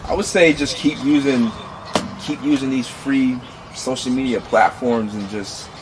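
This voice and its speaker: A man's voice: medium pitch, measured pace, background noise. A man speaking as a guest in a casual chat, earnest and hesitant, repeating himself.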